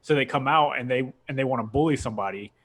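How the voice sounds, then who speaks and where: A man's voice: medium pitch, fast, a bit bright, slightly rough. A young man hosting a casual podcast, rambling through a long story with frequent laughs. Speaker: podcast host. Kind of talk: casual chat.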